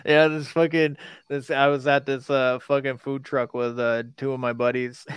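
A man's voice: mid-range voice, level tone, moderate pace, clean tone, no room sound. A young man, a podcast guest, talking in a casual, profane, rambling way.

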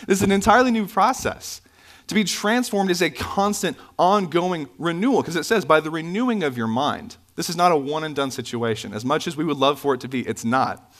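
Animated, conversational male preacher. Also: brisk. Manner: conversational, with asides and self-corrections; animated, pitch swinging up for emphasis. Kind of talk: sermon. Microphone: microphone, sometimes bumped.

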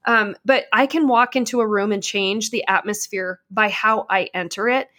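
A woman in casual conversation, telling stories in an energetic, passionate, self-mocking way. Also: medium pitch, moderate pace.

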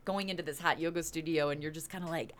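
A woman's voice: low-pitched, steady tone, fast talker. A woman on a movie panel show, teasing and joking in casual chat. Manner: playful, teasing.

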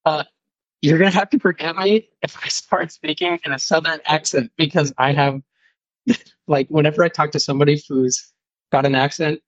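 A man's voice: on the high side, fairly even intonation, normal speed, no echo, highs cut off. A man from Utah, a guest on a podcast, chatting in a hesitant, self-deprecating way. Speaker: guest caller. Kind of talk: casual podcast chat.

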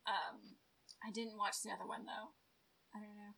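A woman hosting a podcast in casual chat, chatty and animated, laughing often. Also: medium pitch, normal speed, creaky, slightly rough, poor audio. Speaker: podcast host.

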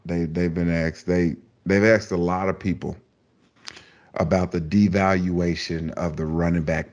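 Very deep-voiced rambling man. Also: darkish tone. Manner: rambling, repeats himself, asks leading questions. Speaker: podcast host. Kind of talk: casual sports talk.

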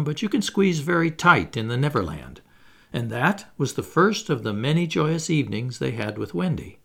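A man reading a children's storybook aloud in an expressive narrating style. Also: medium pitch, gravelly. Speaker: audiobook reader.

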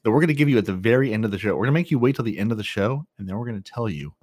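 Quick, teasing male podcast host, mid-range voice, rapid patter. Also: lowish voice, lively intonation, a little mellow. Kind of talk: casual gaming podcast chat.

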